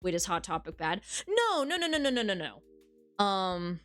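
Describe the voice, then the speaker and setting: A woman's voice: mid-range voice, very animated, unhurried, a bit bright. A woman streaming a dating game, reading its text aloud and chatting casually with viewers, frank and swearing freely.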